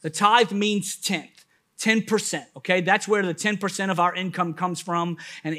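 A man preaching a sermon as a pastor, telling a personal story in an animated way that swings from hushed to loud. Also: high voice, moderate pace.

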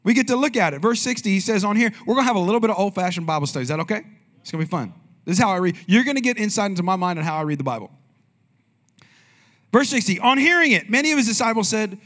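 Male pastor, high-pitched voice, conversational sermon, questions to the congregation, young adult. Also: animated, fast, a bit bright.

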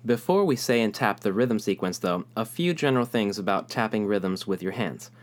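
Calm male rhythm teacher. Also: lowish voice, moderate pace. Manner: calm, explanatory, speaks rhythm syllables aloud. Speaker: music teacher. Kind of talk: online rhythm lesson.

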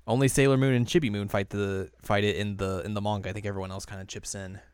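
A man co-hosting a podcast, recapping an episode in a casual, animated way with frequent laughs. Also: lowish voice, fast, clean tone, dry recording. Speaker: podcast co-host.

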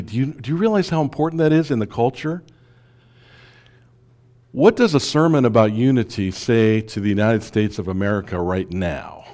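Man preaching with rhetorical questions. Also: fairly low pitch. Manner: rhetorical questions, swings between hushed and emphatic. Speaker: pastor. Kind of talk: sermon.

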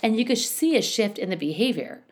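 A woman's voice: a little high, lively intonation, fairly quick. A woman giving casual parenting advice in a chatty, rambling way, full of asides and restarts. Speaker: parenting coach.

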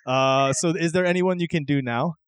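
A man's voice: on the high side, moderate pace, smooth, dry recording. A man hosting a casual chat, talking in a reflective, rambling way with frequent restarts. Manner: chatty, reflective, lots of restarts.

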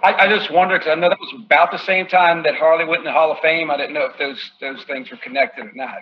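A man's voice: a little high, fairly even intonation, fast, slight background noise. Man host with brief remarks, muffled. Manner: brief affirming interjections. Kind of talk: casual chat.

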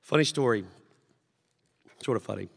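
A man preaching a sermon to his congregation, conversational and animated, acting out shouted lines as he tells stories. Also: medium pitch, normal speed, gravelly. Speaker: pastor. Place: church sanctuary. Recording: long hall reverb.

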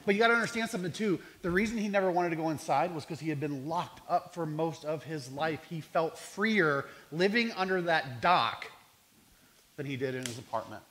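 A man's voice: fairly high pitch, a little fast, a bit bright. Earnest man telling outreach stories. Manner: earnest, reflective, some restarts. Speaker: homeless outreach worker. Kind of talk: storytelling talk.

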